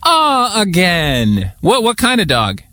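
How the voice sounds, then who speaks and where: Radio host dude, kinda high voice, goofy and gushy, takes calls. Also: male voice, wildly swooping pitch, slow, sharp tone, dry recording. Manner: playful, gushing, jokey. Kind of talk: casual call-in radio chat.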